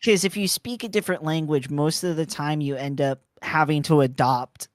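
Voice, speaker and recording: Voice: medium pitch, normal speed, dry recording. Laid-back friend on a dry mic. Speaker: friend on stream. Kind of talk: casual chat while gaming.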